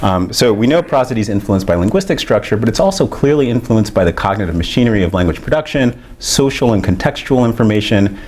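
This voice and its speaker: Man giving a measured academic lecture. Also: on the low side, lively intonation, a little mellow. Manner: measured, explanatory, with frequent fillers.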